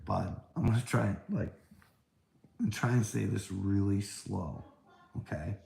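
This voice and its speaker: A gravelly, low-voiced man rants slowly and at length, taunting his listener and preaching with plenty of swearing. Mocking laughter breaks up his lines. The sound is echoey, as if from a bare room. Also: warm tone. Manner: taunting, calls listener "bud", frequent laughter; profane, preachy. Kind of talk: rambling livestream rant.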